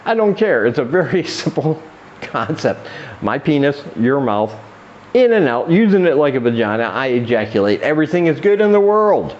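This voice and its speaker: A man's voice: very animated, normal speed, a little mellow, highs cut off, slight background noise. A man hosting a comedy podcast, rambling through a crude monologue and acting out quoted voices. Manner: rambling, acts out quoted voices in a raised pitch. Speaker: podcast host.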